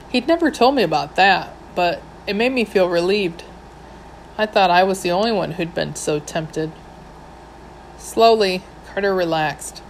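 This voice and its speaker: Woman for first-person audiobook, wry delivery, lowish voice, faint hum in the background. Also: poor audio. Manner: wry, dry humour. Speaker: audiobook narrator.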